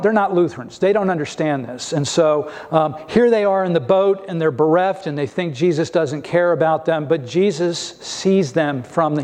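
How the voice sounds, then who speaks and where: A man's voice: on the high side, darkish tone. A male pastor preaching a sermon in a conversational, emphatic way, asking many rhetorical questions.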